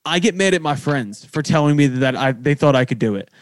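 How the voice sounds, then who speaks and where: A man with a somewhat high voice talks in loose, profane podcast chat. He laughs at himself a lot. The sound is dry and close. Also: lively intonation, brisk, dry recording. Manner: profane, self-mocking, laughs often. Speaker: podcast host. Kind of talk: casual chat.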